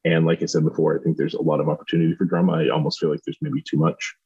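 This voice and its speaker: A man's voice: extremely low pitch, flat delivery, rapid-fire, dark tone, husky, muffled recording. A man from Southern Indiana co-hosting a podcast, reviewing a show in casual chat and hedging with many restarts. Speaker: podcast co-host.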